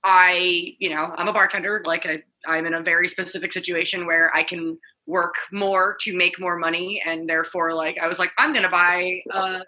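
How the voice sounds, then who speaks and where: A woman with a low-pitched but strikingly bright voice chats on a roundtable panel. She rambles casually, leaning on fillers and restarting her sentences. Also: flat delivery, moderate pace, hardly any pauses, rough recording. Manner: rambling, many fillers like "like" and "you know".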